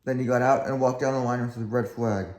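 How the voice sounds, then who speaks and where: A man's voice: medium pitch, steady tone, fairly quick, a little mellow. A man reading a children's railway storybook aloud in a plain manner, with small slips. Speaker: reader. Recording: echoey room, faint background.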